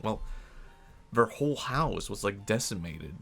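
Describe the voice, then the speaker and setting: A young man rambles through a story on his live stream, amused and full of fillers. His voice sits low, with a gravelly fry. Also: lively intonation, normal speed, fairly bright tone, soft background music.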